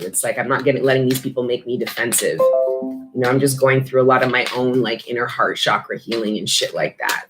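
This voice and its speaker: A woman's voice: very deep voice, slight background noise. A woman giving a casual spiritual tarot reading, talking bluntly with lots of swearing and street slang. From Canada. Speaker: tarot reader.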